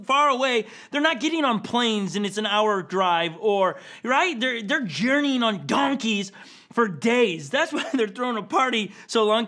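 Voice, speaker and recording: A man giving a sermon in a relaxed, conversational way, as a pastor talking with his congregation. His voice sits high and rings bright. He keeps checking in with "okay?" and slips into playful asides. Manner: casual and playful, with frequent "okay?" and "like"; acts out quoted characters with a chuckle.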